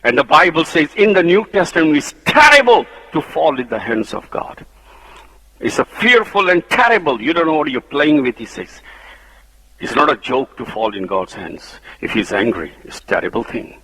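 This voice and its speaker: Middle-aged Punjabi-accented preacher, high bright voice, fervent and loud at his peaks. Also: big pitch swings, normal speed, slightly rough, rough recording. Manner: impassioned preaching, rising to loud high exclamations when quoting. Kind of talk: sermon.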